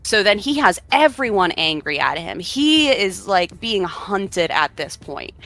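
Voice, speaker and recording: A woman's voice: mid-range voice, sing-song, measured pace, a bit bright, soft background music. A woman co-hosting a podcast, casually retelling old myths in a chatty way, full of fillers. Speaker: podcast co-host. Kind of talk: casual storytelling chat.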